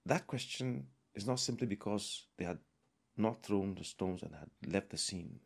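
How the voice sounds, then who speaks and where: A man preaching a sermon, emphatic and deliberate, with fervent raised passages. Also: on the low side, creaky, breathy edge.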